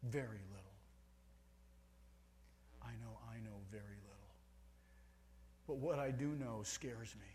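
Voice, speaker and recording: A man preaching a sermon, stressing key words by swinging between soft and loud. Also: fairly low pitch, measured pace, long pauses, a little hiss or hum.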